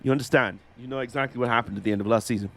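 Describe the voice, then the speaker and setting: A man's voice: mid-range voice, steady tone, very fast, a bit bright, voice pushed down, natural voice. A man voicing a stern team boss in a mock-serious, menacing tone, giving orders.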